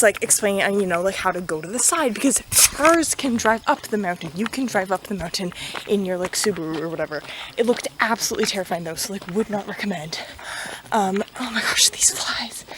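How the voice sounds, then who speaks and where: A woman's voice: medium pitch, noisy background. Breathless young woman vlogging outdoors. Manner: chatty and dramatic, many fillers. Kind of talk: casual storytime vlog while walking. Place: outdoors on a forest hill path. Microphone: handheld camera.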